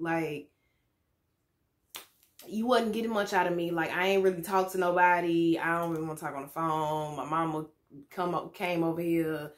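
A young woman telling a frank, candid story in a casual vlog, swearing freely and laughing now and then. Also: on the low side. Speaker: vlogger. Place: home room with lights.

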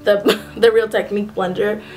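A woman's voice: medium pitch, little pitch movement, normal speed, music in the background, low-quality recording. A young woman talking through a casual makeup tutorial in a chatty way, often stopping to correct herself mid-phrase. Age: young adult. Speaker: beauty vlogger.

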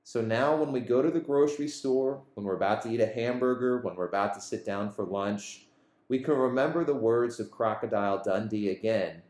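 A man reading the gospel and giving a reflection for schoolchildren, earnest and storytelling, slowing down on key lines. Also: medium pitch, a little mellow. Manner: earnest, storytelling, slows for emphasis. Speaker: school chaplain. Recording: echoey room.

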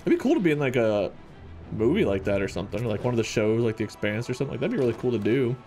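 A man's voice: mid-range voice, very animated, very fast, darkish tone, soft background music. A man from Ohio streaming a game, chatting casually and reading out viewer messages. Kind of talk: casual live-stream chat.

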